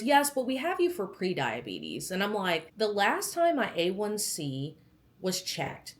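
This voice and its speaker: A pregnant young woman vlogging casually, animatedly retelling a doctor's visit and acting out the quotes. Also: medium pitch. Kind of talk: casual storytelling vlog.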